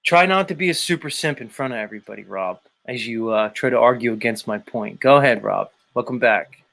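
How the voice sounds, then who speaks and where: A man's voice: mid-range voice, fairly quick, gravelly, fairly bright tone. Blunt man lecturing on a stream. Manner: blunt, repetitive, emphatic lecturing. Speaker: show host. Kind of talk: casual live-stream chat reading viewer comments.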